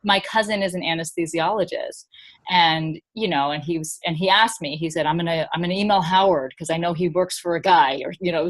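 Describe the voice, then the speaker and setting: A middle-aged woman speaking as a guest, telling a personal story in an open, rambling way with frequent laughs. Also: on the low side.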